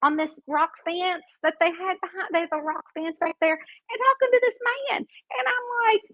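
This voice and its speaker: A middle-aged woman, telling a story casually and animatedly, often climbing high when excited. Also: normal speed, no echo, dull audio. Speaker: mystery author answering reader questions.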